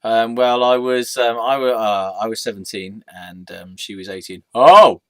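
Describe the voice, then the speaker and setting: A man telling a personal story, hesitant and halting. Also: fairly low pitch, flat delivery, no echo. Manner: halting and hesitant, many fillers. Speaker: vlogger.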